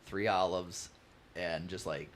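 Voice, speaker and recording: Man, young adult, low voice, casual storytelling, animated, faint background noise. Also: takes it slowly. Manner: animated, laughing, acts out quoted relatives. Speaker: podcast guest.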